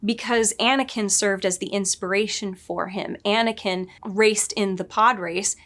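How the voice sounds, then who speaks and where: A woman's voice: medium pitch, fairly even intonation, unhurried, a bit bright. A middle-aged woman story editor giving casual commentary to camera, thinking aloud with frequent self-corrections and light laughs.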